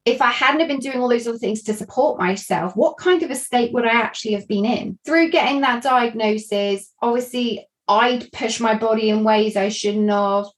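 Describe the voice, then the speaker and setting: A woman speaks in a fairly high voice. She talks candidly and earnestly about her own experience, reflecting as she goes and sometimes restarting a phrase. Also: normal speed, few pauses, low-quality recording. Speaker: guest sharing a personal story. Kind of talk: candid personal storytelling.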